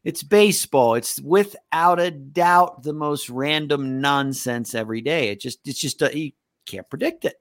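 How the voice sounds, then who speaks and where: A man's voice: on the high side, measured pace, no room sound, studio quality. A middle-aged man co-hosting a sports betting podcast, talking in a blunt, rambling way and swearing freely. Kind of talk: casual chat.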